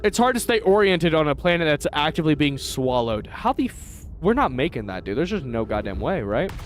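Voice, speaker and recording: An American man giving live gameplay commentary as a streamer, chatty with his viewers and quick to swear. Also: on the high side, big pitch swings, slight background noise.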